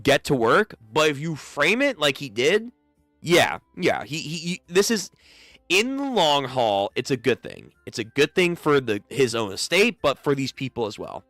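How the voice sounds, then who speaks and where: Brief: young male reactor, casual and profane, bright lively voice over faint music, dry sound. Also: a little high, normal speed, no room sound. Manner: joking, profane, laughs often. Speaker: reaction streamer.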